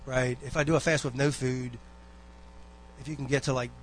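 A man's voice: medium pitch, level tone, moderate pace. A man giving a rambling, folksy exhortation to a church congregation, full of asides and personal stories. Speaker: church member giving a talk.

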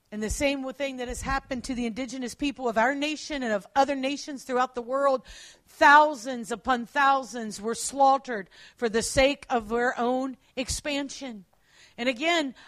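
Earnestly preaching a sermon, a woman with a high-pitched voice at times lowers to quiet emphasis and corrects herself mid-flow. The sound has no echo.

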